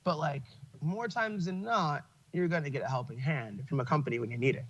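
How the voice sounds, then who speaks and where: A man's voice: fairly high pitch, fairly quick, a bit bright, lo-fi sound. A man hosting a podcast in casual chat, swearing freely and laughing as he tells stories. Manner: profane, opinionated, laughs while telling stories. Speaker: podcast host.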